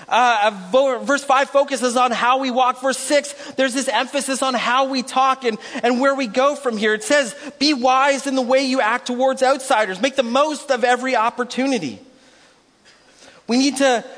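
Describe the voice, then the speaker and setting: A male pastor with a very high, bright voice delivers a sermon in a church hall. He rambles and pokes fun at himself, then builds to rousing, shouted calls. A long reverb trails each phrase. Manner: rambling, self-deprecating, rises to rousing shouts.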